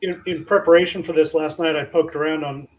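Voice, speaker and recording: A man on a podcast panel, talking in a quick, chatty way. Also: on the high side, fairly even intonation, a little mellow. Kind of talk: casual round-table chat.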